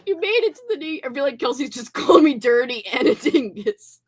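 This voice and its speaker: A woman's voice: high voice, animated, a little fast. A young woman hosting a casual livestream chat at home, giggly and playful, her voice tired. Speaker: livestream host.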